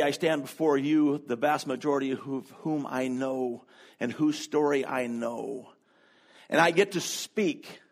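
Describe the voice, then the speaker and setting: A man preaching a sermon from the front of a church, speaking into a handheld microphone. His tone is relaxed and conversational, and he pokes fun at himself as he goes. His voice sits at an ordinary middle pitch for a man. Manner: conversational and chatty with self-deprecating humor. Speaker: pastor. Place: church sanctuary.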